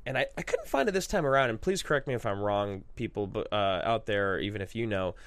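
A man's voice: lowish voice, fast talker. A man co-hosting a casual movie podcast, talking in a rambling, restarting way. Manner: lively, rambling, full of restarts. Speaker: podcast co-host.

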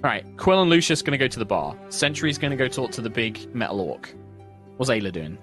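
A man's voice: mid-range voice, very animated, fairly quick, over music. A man narrating as the game master of a tabletop game, chatty and laughing often.

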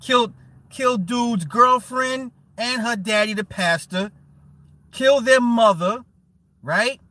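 A man hosting a casual livestream, reading chat aloud and riffing with loud laughs, mockery and swearing. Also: extremely high pitch, slow, dry recording. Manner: animated, laughing, mocking, swearing.

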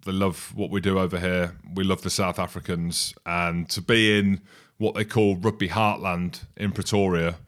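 A man in his forties with a somewhat low voice tells a story in a loose podcast chat. He mocks himself as he goes and keeps breaking into laughter. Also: little pitch movement, normal speed, a bit bright. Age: 40s. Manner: storytelling, self-mocking, laughs often. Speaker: podcast co-host, former rugby player. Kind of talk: casual chat.

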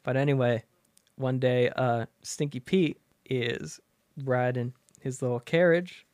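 Man, casual storytelling, animated, laughs a lot, dry close sound. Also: medium pitch, slow, dry recording. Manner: animated, laughs often, acts out characters. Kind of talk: casual chat retelling a story.

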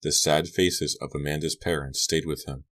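A man's voice: very deep voice, fairly even intonation, normal speed, a bit bright. A man reading a young adult horror novel aloud as an audiobook narrator, giving the characters' lines small shifts of voice.

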